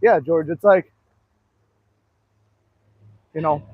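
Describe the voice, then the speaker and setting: Extremely slow and husky, his voice sits on the high side with no echo. The man is a manifestation coach telling wandering, filler-filled stories in a casual live talk while walking and short of breath, captured in dry, tinny, phone-like sound.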